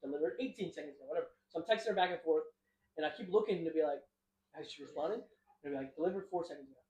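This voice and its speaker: A man's voice: on the high side, racing, mellow, roomy sound, low-quality recording. A young man co-hosting a podcast, telling stories in a casual, rambling way, often laughing and acting out what people said. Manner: rambling, laughing, acts out quotes. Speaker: podcast co-host. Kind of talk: casual storytelling.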